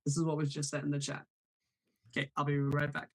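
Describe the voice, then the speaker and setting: A man's voice: on the high side, completely flat delivery, fast, vocal fry. A man hosting a live show, chatting casually and apologetic, laughing often, with a guest on a call. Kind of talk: casual live-stream chat. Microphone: remote call over the internet.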